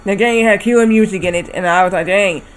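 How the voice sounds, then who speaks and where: High-voiced man rambling on stream. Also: fast, soft background music. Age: 30s. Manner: rambling, often corrects himself. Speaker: livestreamer. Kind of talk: casual chat while playing a game.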